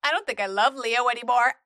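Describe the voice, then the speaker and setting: A woman reading a personal post aloud and breaking in with playful, animated commentary. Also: medium pitch, very noisy. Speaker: storytime narrator reading posts.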